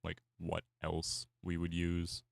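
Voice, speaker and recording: A man's voice: low-pitched, completely flat delivery, slow pace, gravelly, no echo. A man whose first language is Spanish, rambling casually with many fillers while he draws on stream. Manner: rambling, musing aloud with fillers. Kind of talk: casual chat while drawing.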